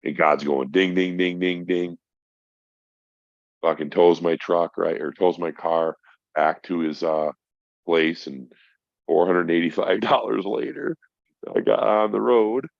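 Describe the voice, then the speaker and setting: A man's voice: low voice, steady tone, a little slow, creaky, no room sound. A middle-aged man, stoned, telling a rambling, profane story in casual chat as a podcast guest. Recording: dull lo-fi sound.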